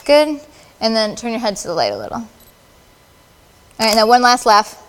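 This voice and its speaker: A woman's voice: a little high, huge pitch swings, moderate pace, in a large hall, a little hiss or hum. A woman photographer directing models at a live shoot, with playful, encouraging directions. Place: large studio with audience.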